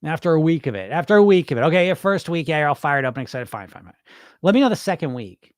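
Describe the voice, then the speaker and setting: A man's voice: on the high side, fast, dry recording, clean studio sound. A man on a weight loss live stream, reading viewers' comments and answering bluntly, swearing freely and acting out what dieters tell themselves. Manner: blunt, animated, swears freely, acts out dieters' inner voices. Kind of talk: casual live-stream talk.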